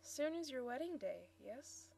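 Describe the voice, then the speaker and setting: A woman reading the lines of a mellow, friendly elderly male antique dealer, in a high voice. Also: very animated, unhurried, vocal fry, exaggerated voice. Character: mellow elderly male shop proprietor, courteous.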